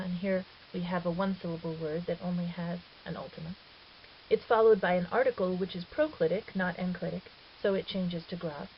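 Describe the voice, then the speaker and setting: A woman explaining a language lesson in a patient, methodical voice-over, sometimes pausing with fillers and correcting herself. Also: on the low side. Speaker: Greek teacher. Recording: dull lo-fi recording with faint hiss.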